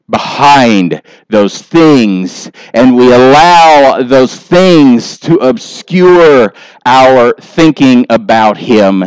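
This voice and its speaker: A pastor preaching a sermon with animated delivery, briefly acting out the voices of people he describes. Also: medium pitch, extremely slow, clean tone, no echo, low-quality recording.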